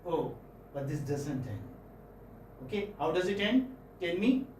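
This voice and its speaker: A man with an Indian English accent teaching phonetics in a classroom, questioning students and repeating sounds slowly. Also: fairly high pitch, big pitch swings, darkish tone, slight background noise. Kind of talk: classroom lecture. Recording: echoey classroom, far-off mic, faint ambience.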